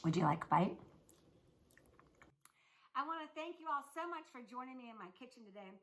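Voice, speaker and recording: Lady cooking at home, kinda high voice, chatty and folksy, talks right to the viewers. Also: big pitch swings, fairly quick, fairly bright tone. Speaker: cooking show host. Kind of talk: casual cooking demonstration. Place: home kitchen.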